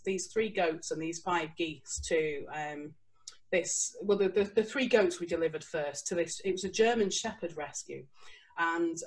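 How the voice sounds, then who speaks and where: Woman telling a lively anecdote. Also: medium pitch. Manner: lively, laughing anecdotes with quoted voices. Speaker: guest author. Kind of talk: casual storytelling.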